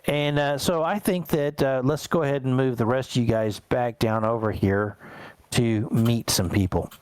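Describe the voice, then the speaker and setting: Man, game master, tabletop game narration, relaxed, rambling, middle pitch, dry sound. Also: moderate pace, smooth, no echo, rough recording.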